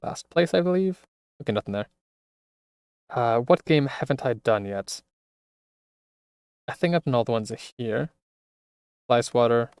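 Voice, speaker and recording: A man streaming a video game, relaxed and thinking aloud as he plays. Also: mid-range voice, unhurried, pauses often, clean tone, dry recording, clean studio sound. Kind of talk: casual let's-play commentary.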